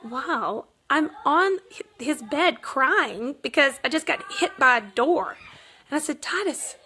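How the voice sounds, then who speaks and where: A woman's voice: high-pitched, animated, slow, sharp tone, slight background noise. A woman in her thirties chatting casually to camera at home, laughing through her story with lots of fillers. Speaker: mother vlogging. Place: home, kids nearby.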